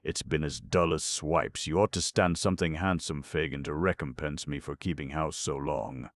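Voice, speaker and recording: A man's voice: rumbling low, fairly even intonation, normal speed, dry recording, clean studio sound. A man voicing an idle, boastful male thief who complains in slangy, drawling speech. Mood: bored.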